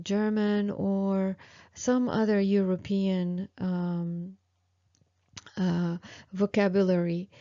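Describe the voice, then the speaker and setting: Slow, patient woman teaching pronunciation. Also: mid-range voice, a little mellow, dull audio. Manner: slow and patient, with many fillers and repeated examples. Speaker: French teacher. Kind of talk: online language lesson.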